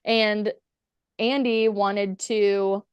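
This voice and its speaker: A woman's voice: mid-range voice, fairly even intonation, extremely slow, smooth, no room sound, highs cut off. A woman chatting as a podcast guest, telling stories casually, swearing freely and acting out the quotes. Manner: chatty, profane, acts out quotes. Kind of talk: casual storytelling.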